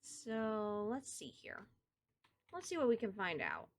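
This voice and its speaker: A woman's voice: medium pitch, wildly swooping pitch, slow pace, vocal fry, no room sound. A woman with a Southern US accent streaming a game, chatting casually with her viewers and thinking aloud as she plays. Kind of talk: casual gameplay chat with viewers.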